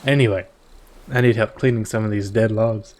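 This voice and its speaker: A man voicing a gruff, hearty middle-aged woodsman who grumbles and bosses people around in a folksy way. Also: on the low side, steady tone, moderate pace, a little mellow, close to an everyday voice.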